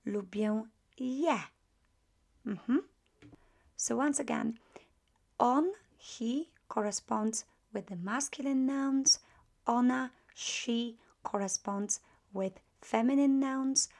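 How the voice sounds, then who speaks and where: Patient woman teaching slowly. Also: a little high, gravelly, a little mellow. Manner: slow, patient, repeats drill phrases with emphasis. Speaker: language teacher. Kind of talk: grammar lesson with spoken drills.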